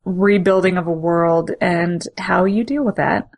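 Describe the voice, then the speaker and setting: A woman's voice: lowish voice, steady tone, unhurried. A woman co-hosting a podcast, chatting casually about comics, laughing often and restarting her sentences. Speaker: podcast co-host.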